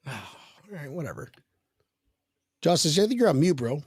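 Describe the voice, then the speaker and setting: A man's voice: a little high, very animated, moderate pace, darkish tone, breathy edge, dry recording. Teasing podcast host, man, dry sound. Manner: joking, teasing banter. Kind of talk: casual chat.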